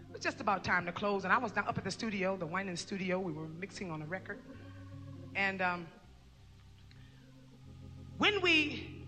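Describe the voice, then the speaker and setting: A woman telling her testimony in a sermon, recounting the story with emphasis and breaking into shouted praise. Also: medium pitch, big-room sound. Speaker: mother giving testimony.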